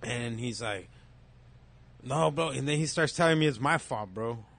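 A man's voice: medium pitch, moderate pace. Man, casual slangy storyteller, swears a lot, acts out both sides. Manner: profane, animated storytelling, acts out dialogue. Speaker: storyteller in a casual group chat. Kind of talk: casual chat.

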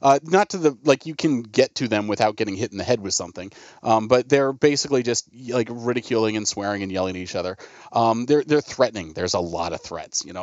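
A man's voice: mid-range voice, animated, fast talker, dry recording, dull audio. A man narrating as game master of a tabletop role-playing game, hesitant and full of fillers.

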